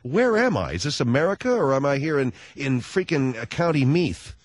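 A man's voice: medium pitch, sing-song, moderate pace. A man hosting a radio talk show, telling a sardonic comic rant in a studio. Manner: sardonic, ranting storyteller. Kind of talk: comedic radio monologue.

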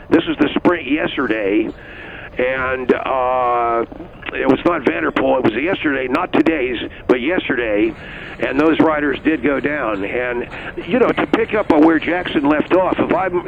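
A man playing an excitable, touchy police officer guest who stammers and flies into outbursts, in a comedy radio bit. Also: on the high side, narrow, tinny audio, noisy background. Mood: indignant. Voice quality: stammering, gravelly. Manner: flustered, easily riled, outbursts. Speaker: comedic caller playing a cop.

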